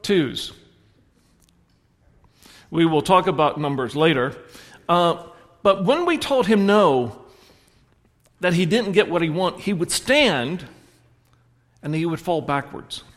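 A man's voice: on the high side, slow pace, long pauses, long reverb tail. Man preaching a story-filled sermon in a church. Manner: storytelling, swings between soft and animated. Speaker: pastor. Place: church sanctuary.

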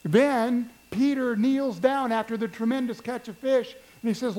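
A man's voice: very high voice, moderate pace, few pauses, warm tone, poor audio. A man preaching a sermon, telling a story in a conversational way and asking the congregation questions. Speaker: pastor.

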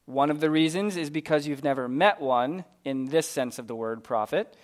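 A man with a high, light voice delivers a sermon. He tells the story in a lively, conversational way and slips into casual voices for the characters he quotes. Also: normal speed. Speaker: preacher.

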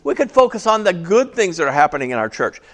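A man's voice: high voice, big pitch swings, quick pace. Chatty pastor joking with his congregation. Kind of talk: casual sermon. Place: small church.

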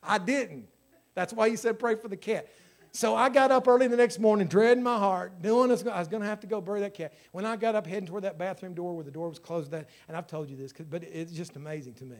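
Preacher guy in his 50s, highish voice, goes from shouting to quiet storytelling. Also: fast. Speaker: pastor. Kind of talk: sermon.

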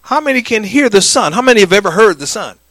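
A middle-aged man preaching a sermon, swinging from loud declarations to hushed lines and calling for the congregation's answer. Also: sits high, lively intonation, fast talker, dry recording. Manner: calls for congregation response. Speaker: pastor.

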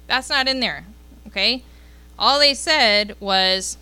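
A woman's voice: fairly high pitch, animated, takes it slowly, long pauses, sharp tone, smooth, no room sound. A woman leading a youth group, giving a casual Bible lesson and often checking in with the group by asking "okay?".

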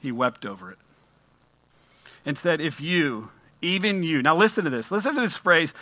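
A man preaching a sermon with a very bright, ringing voice that sits a little high. He moves between easygoing talk to the congregation and emphatic scripture reading. The sound is dry and close, with no room echo. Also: expressive, normal speed, pauses often. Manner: conversational preaching, reads scripture aloud with emphasis. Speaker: pastor.

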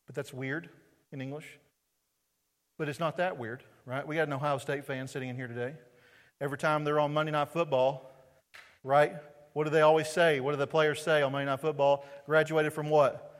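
A man's voice: on the high side, flat delivery, fairly quick. A male pastor with a Southern US accent preaching a sermon in a church sanctuary, quizzing his congregation with rhetorical questions through a body-worn mic. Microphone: wearing a mic on his body. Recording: long hall reverb.

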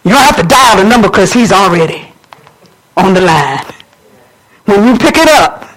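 A woman's voice: medium pitch, lively intonation, normal speed, pauses often, poor audio. A woman pastor preaching a sermon fervently, speaking straight to her congregation.

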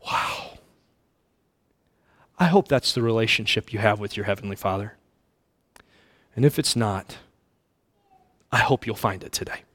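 A middle-aged male pastor preaching a sermon in a church, impassioned, swinging from loud to hushed, repeating words and calling listeners friend. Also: mid-range voice. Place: church sanctuary.

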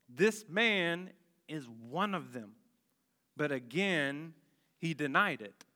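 A man preaching a sermon, deliberate and emphatic, with dramatic pauses and rhetorical questions. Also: on the high side, sharp tone. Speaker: pastor. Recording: long hall reverb.

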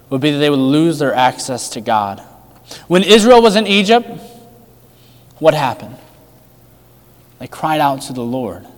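A man preaching a sermon with emphatic rhetorical questions, his delivery swinging between loud and hushed. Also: mid-range voice, long reverb tail. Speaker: pastor.

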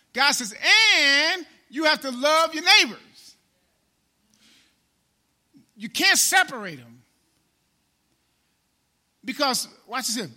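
A preacher with a very high, bright and sharp voice delivers a sermon in call-and-response style. He repeats his lines, calls on the congregation to answer, and swings between loud and hushed. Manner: call-and-response preaching, repeats phrases, rises and drops in volume.

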